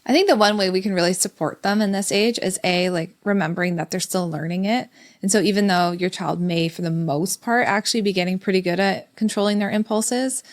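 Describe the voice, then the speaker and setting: A woman's voice: mid-range voice, fairly quick. A woman in her thirties co-hosting a parenting podcast, chatting casually and telling family stories with reflective detail. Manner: reflective storytelling, quotes family dialogue. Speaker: podcast co-host.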